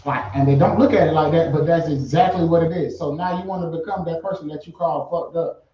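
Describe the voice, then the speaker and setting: Guy talking animated in an interview, warm tone, kinda far off and echoey. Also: a little high, fast talker, slight background noise. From Fayetteville, born in Savannah, Georgia. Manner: animated, emphatic, swears freely. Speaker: guest artist. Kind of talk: casual interview chat. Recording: roomy, distant, dull lo-fi sound.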